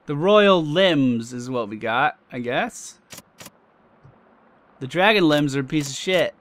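A man hosts a let's play, giving excitable, casual commentary on the game as he swears a lot and reacts loudly to loot. His voice sits on the higher side, and he speaks slowly with long pauses.

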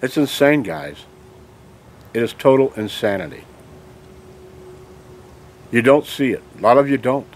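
A man's voice: medium pitch, big pitch swings, measured pace, pauses often, slight background noise. An angry man delivering a ranting monologue to his viewers, full of emphatic rhetorical questions and tag "okay?"s. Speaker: video blogger.

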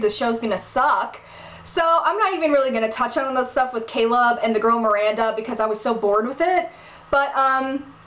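High-voiced exasperated woman recapping TV. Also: roomy sound. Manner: animated, exasperated, emphatic. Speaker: TV recap vlogger. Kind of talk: casual episode recap.

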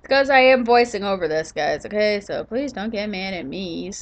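This gaming channel host has an expressive mid-range voice and a moderate pace. Yawning and sleepy, she gives a relaxed commentary over footage of her own play, full of fillers, restarts, and rambling.

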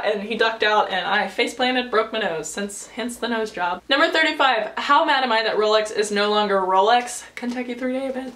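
Recorded on a camera mic, this bubbly, chatty eighteen-year-old from the United States fields viewer questions in a laid-back vlog, giggling between replies. Her voice is a little high and a bit bright, and she speaks briskly.

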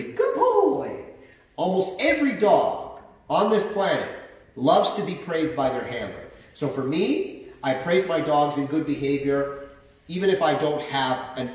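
A man explaining dog training as a trainer, in a plain, explanatory way with some fillers. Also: fairly high pitch. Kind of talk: instructional explanation. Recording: very echoey, from far off the mic.

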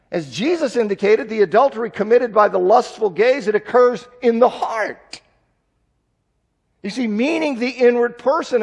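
A man delivers a church sermon, exhorting his listeners directly and urgently. His voice is high and husky, rising and falling a great deal, and it rings with a long echo through a large sanctuary. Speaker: preacher.

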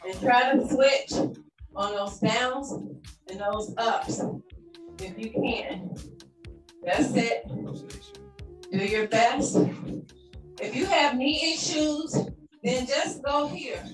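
A woman's voice: fairly high pitch, extremely slow, long pauses, far from the mic. A woman fitness coach leading a workout class, upbeat and encouraging as she calls out the moves. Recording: roomy echo, from off-mic, faint music.

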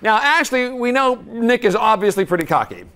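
A man's voice: extremely high pitch, sing-song, moderate pace. A man hosting a TV dating talk show, asking guests teasing, playful questions. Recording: loud studio audience and noise. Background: studio audience.

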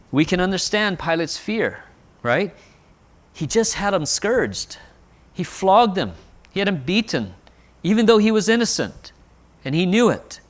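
A man with a fairly high voice preaches a sermon, working through scripture verse by verse. He asks rhetorical questions and leans hard into emphatic lines when he quotes. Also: a bit bright. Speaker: pastor.

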